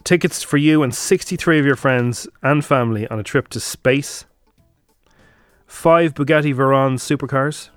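Irish man, breakfast radio host, teasing, chatty, middle pitch. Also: clear, resonant tone, dry recording, faint music behind. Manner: chatty, teasing, giving quick directions. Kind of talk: breakfast radio prank banter.

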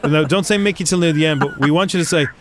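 A man's voice: a little high, fast, slight background noise. An Irish man hosting breakfast radio, chatty and teasing as he directs a prank call. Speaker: radio show host.

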